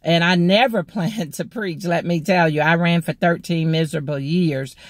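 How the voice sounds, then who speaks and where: A woman from Mississippi, a motivational speaker and ordained minister, telling a personal testimony in a slow, deliberate way. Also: on the low side, no room sound, studio quality.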